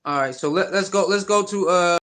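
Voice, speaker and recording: High-voiced man hyping a livestream. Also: fairly quick. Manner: animated, repetitive, slangy, greets chat viewers. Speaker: sports livestream host. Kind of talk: casual livestream sports talk.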